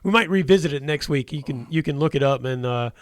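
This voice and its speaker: A man's voice: a little high, fast talker, no echo. A man hosting a casual sports radio talk show, rambling with many restarts and hesitations.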